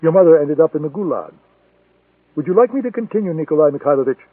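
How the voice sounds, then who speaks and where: A man's voice: fairly high pitch, expressive, quick pace, slightly rough, dry recording. A man voicing a defiant male intelligence agent who speaks in a cold, accusing way. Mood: coldly accusing. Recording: tinny phone-like sound, dry.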